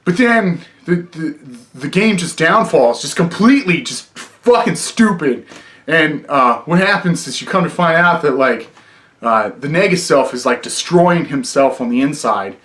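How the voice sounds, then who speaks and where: A man's voice: fairly high pitch, lively intonation, a little slow, a bit bright. A young man reviewing a film in a casual vlog, rambling with lots of fillers and frequent swearing. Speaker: movie reviewer.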